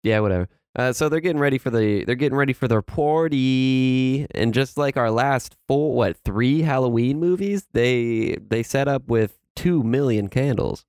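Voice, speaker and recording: A man's voice: mid-range voice, normal speed, few pauses, a little mellow, dry recording. Man, casual movie recap, rambling and laughing, dry close sound. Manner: rambling, laughs often, acts out characters' lines. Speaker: podcast co-host.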